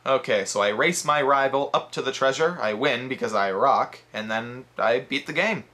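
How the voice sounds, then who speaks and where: A man's voice: mid-range voice, normal speed, bright, forceful tone. A man giving a comedic, sarcastic video game review. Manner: sarcastic, joking.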